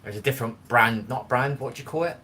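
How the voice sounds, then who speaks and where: A man's voice: medium pitch, fast, pushed and bright, slight background noise. Chatty rambling man live-streaming from his kitchen. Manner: rambling, chatty, talks straight to viewers in chat; blunt, swears casually. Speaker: livestream host. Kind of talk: casual live-stream chat while cooking. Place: home kitchen.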